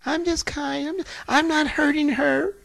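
A man's voice: very high-pitched, steady tone, moderate pace, gravelly, a bit bright, dry recording, voice pushed up, heavily acted. A man putting on Vanity, a deceiving demon. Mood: falsely sweet. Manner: sweet and demure, turning boastful. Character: deceiving demon called Vanity, falsely sweet then defiant.

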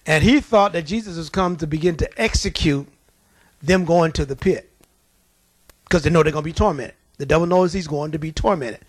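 Male preacher, high voice, lively storytelling, dry close sound. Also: no echo. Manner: animated storytelling with acted-out voices. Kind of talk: sermon.

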